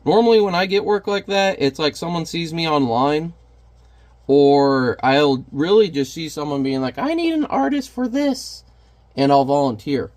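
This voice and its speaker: Brief: candid, rambling man, a parent, talking through a painting session, voice a bit high for a man. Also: moderate pace, darkish tone. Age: adult parent. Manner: rambling, candid, self-deprecating. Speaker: artist painting on camera. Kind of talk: casual chat while painting.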